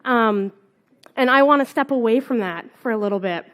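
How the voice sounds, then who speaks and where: Chatty high-voiced Canadian woman with a cold. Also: moderate pace, fairly bright tone. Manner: casual, rambling storytelling with fillers. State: has a cold, on cold medicine. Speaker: conference speaker. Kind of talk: conference talk. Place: conference hall.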